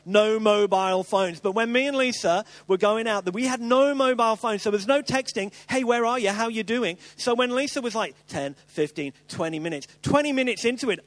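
A middle-aged man preaching a sermon, retelling a Bible story and acting out the voices with lively asides. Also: extremely high pitch, no room sound.

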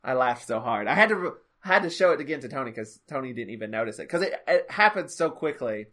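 A man's voice: mid-range voice, lively intonation, fast, bright, forceful tone. A man hosting a podcast, casually recapping an episode in an amused way and acting out quoted lines. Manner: amused, storytelling, acts out quotes. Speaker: podcast host. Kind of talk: casual chat.

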